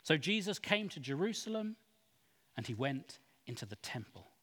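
A man giving an expressive, dramatic Bible reading. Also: fairly high pitch, normal speed. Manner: expressive, acts out quoted speech. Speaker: scripture reader. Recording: long hall reverb.

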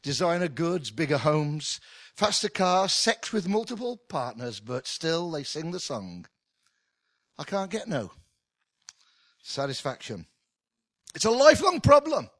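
A middle-aged man preaching a sermon in an animated, conversational way with touches of humour. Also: a little high, normal speed, no room sound. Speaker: pastor.

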